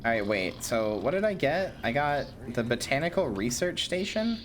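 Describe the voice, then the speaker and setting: A young woman streamer giving joking, animated gameplay commentary and bantering with her chat. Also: a bass voice, moderate pace, slight background noise.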